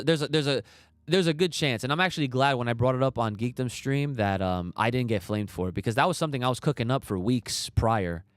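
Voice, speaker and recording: A young man hosts a casual livestream podcast, ranting emphatically with slang and swearing. His voice is smooth and clear, recorded dry and close. Faint music plays underneath. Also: medium pitch, no echo. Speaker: podcast host. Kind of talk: casual livestream chat reading viewer comments.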